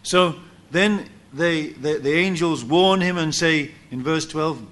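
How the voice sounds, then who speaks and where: Animated preacher man, fairly high voice. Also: slow, hardly any pauses. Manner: animated storytelling, acts out quotes with laughs. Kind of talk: sermon.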